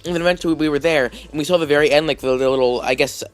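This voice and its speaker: A man's voice: on the high side, rapid-fire. A man vlogging, telling a story casually with lots of fillers, restarts and "like"s. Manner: rambling, heavy with fillers and restarts.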